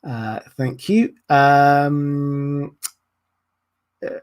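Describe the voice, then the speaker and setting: A man's voice: fairly high pitch, steady tone, very slow, clear, resonant tone, dull audio. A man with a Southern English accent, from Hampshire, hosting a livestream and answering viewer questions in a thoughtful, hesitant way with many ums and uhs. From Hampshire, England. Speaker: livestream host.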